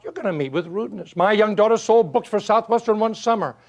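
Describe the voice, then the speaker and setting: An older man delivers a motivational talk in a high-pitched voice. He is animated and folksy, and he uses rhetorical questions, stories and chuckles to keep his listeners engaged. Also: fast talker, highs cut off. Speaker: motivational speaker. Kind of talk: motivational speech to an audience.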